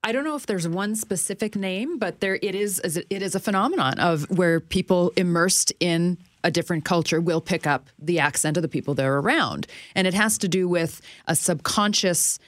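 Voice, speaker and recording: A woman co-hosting a radio chat, explaining a topic in a measured way. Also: on the low side, dry recording, studio quality. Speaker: radio co-host. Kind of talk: casual studio chat.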